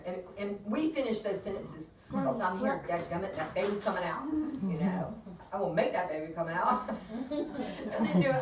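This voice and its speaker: A woman's voice: mid-range voice, expressive, normal speed. A woman midwife chattily telling a birth story to colleagues, laughing often as she talks. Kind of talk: casual storytelling at a peer review. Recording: roomy, distant and noisy room recording.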